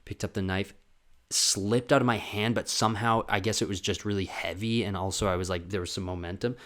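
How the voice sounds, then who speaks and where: A man's voice: fairly low pitch, fairly even intonation, brisk. A young man hosting a casual solo podcast, rambling and self-deprecating as he talks on his own. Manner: rambling, self-deprecating, jumps into loud sung and acted bits. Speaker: podcast host.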